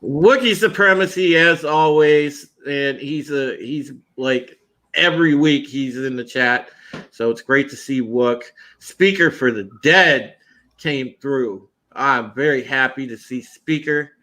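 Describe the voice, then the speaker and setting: Male podcast host, bright and forceful tone, chatty and upbeat, casual live-stream chat. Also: mid-range voice, slow. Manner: upbeat, chatty, laughs often.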